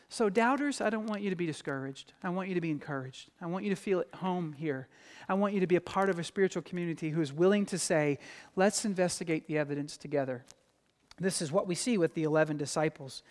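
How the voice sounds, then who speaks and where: Lively preaching man in a reverberant hall. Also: high-pitched. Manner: animated, acts out quoted voices. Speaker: pastor. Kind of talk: sermon. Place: church sanctuary.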